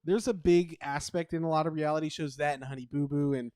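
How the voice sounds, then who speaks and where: A man co-hosting a casual podcast chat, musing in a relaxed, profane way. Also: on the high side, fast talker, dry recording, studio quality. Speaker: podcast co-host.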